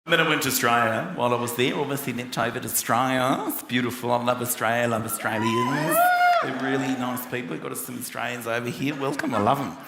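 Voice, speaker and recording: A man performing an animated, exasperated stand-up routine on a theatre stage. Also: mid-range voice, fast talker, gravelly, reverberant, very noisy. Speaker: stand-up comedian. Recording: live theatre with roaring crowd.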